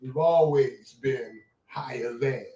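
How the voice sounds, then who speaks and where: An older man, telling rambling, animated anecdotes in casual chat as a show host. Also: mid-range voice, takes it slowly, dull audio. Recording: echoey room.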